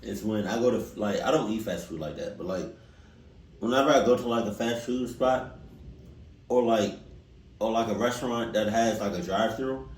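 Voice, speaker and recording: A man's voice: lowish voice, normal speed, distant mic. A man hosting a reaction video, talking casually in slangy, joking rants. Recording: roomy sound, away from the mic.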